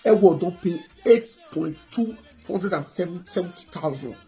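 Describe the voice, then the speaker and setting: A Nigerian woman hosting a gossip channel, talking in an animated, excitable way. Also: on the low side, measured pace, soft background music. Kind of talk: animated casual commentary.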